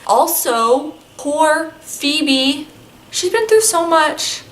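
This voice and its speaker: Female book vlogger, bright tone, chatty and effusive, casual delivery. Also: sits high, animated, drawn-out words, a little hiss or hum. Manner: gushing, chatty, lots of "like" fillers. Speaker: book reviewer. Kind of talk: casual vlog chat.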